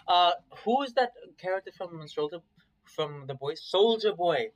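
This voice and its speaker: A man reading a visual novel aloud in a casual, first-person way, swearing freely and breaking off for quick asides. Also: high voice, lively intonation, poor audio. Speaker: story reader.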